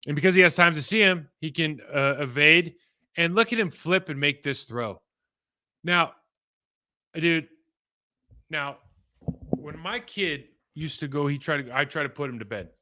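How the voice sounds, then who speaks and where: A man's voice: on the high side, expressive, unhurried, long pauses, sharp tone. A man casually breaking down football game film, talking in a rambling, conversational way that trails off and restarts.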